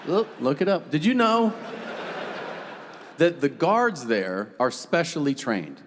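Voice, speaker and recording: Stand-up comic, male, swinging pitch, profane storyteller, live stage mic in a reverberant room. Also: slow pace. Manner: animated, profane storytelling with shouted impressions. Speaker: stand-up comedian. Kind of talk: stand-up comedy set. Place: comedy stage before a live audience. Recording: reverberant venue with faint room noise.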